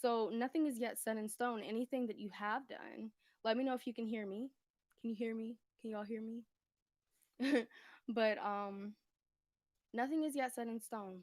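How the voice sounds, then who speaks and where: Speaking at a moderate pace in a slightly high, steady, somewhat mellow voice, a woman gives a casual tarot reading over a phone livestream from a room in her home. The recording is dry; she's a little out of breath, rambles and chats, laughs often, and keeps checking if she's audible.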